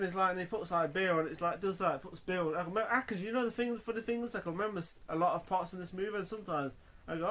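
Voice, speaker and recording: A man's voice: high voice, quick pace, fairly bright tone. A man reviewing a film in a casual, rambling way, full of fillers and restarts.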